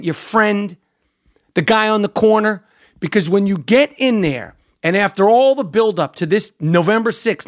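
A man's voice: high-pitched, a bit bright. Male podcast host, blunt profane monologue, hammers points through repetition. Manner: profane, emphatic ranting; repeats key phrases for emphasis.

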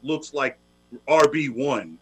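A man's voice: mid-range voice, lively intonation, slow, fairly bright tone, slight background noise. Wisecracking male sports co-host. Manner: joking, wisecracking banter. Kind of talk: casual sports talk.

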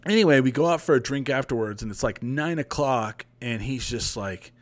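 A man's voice: mid-range voice, moderate pace. A young man hosting a podcast livestream, telling a long story in a rambling, profane, casual way. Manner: rambling, profane, animated retelling. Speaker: podcast host.

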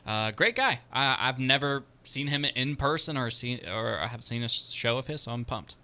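A man co-hosts a radio show with a very bright, sharp tone. He tells playful, self-mocking stories, and his pitch moves around in an animated way. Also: normal speed. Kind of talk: casual radio show banter.

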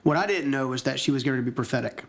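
A man's voice: mid-range voice, very fast, gravelly. Earnest man telling a personal story. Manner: earnest and reflective, with frequent restarts. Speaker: guest sharing a personal testimony. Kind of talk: conversational storytelling.

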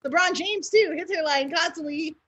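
A woman's voice: extremely high pitch, normal speed, over a noisy crowd. A woman joining a podcast conversation, chatting casually with giggles. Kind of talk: casual chat.

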